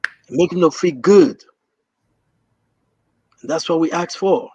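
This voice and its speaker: Impassioned Liberian man, husky and muffled. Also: on the high side, unhurried, darkish tone, no echo. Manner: rousing, repetitive rallying cries. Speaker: livestream host. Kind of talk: impassioned political address to online viewers.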